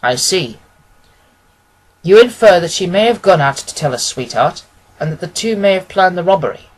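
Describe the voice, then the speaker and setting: A man reading aloud who voices a calm, courteous detective asking polite, probing questions in a husky voice. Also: high voice, normal speed, low-quality recording.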